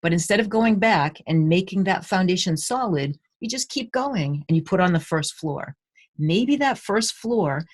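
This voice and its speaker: A woman's voice: low-pitched, breathy edge. A woman literacy educator giving a recorded conference presentation, explaining and guiding listeners through speech-sound exercises.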